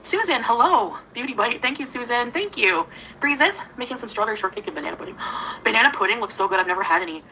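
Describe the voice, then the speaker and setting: A woman's voice: on the high side, expressive, very fast, hardly any pauses, noisy background. A woman talking casually on a livestream, greeting viewers by name and giggling often.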